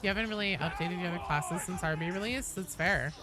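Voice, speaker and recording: A young woman streaming a game, chatting casually, reading chat aloud, swearing and breaking into excited squeals. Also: on the low side, brisk, over music. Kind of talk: casual gaming livestream chat.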